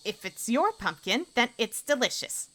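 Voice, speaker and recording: A woman's voice: a little high, big pitch swings, normal speed, pushed and bright, a little hiss or hum, voice pushed up. A woman voicing a bratty, prim little girl who talks politely and puts on a brave face, while reading a visual novel aloud. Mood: forced cheer.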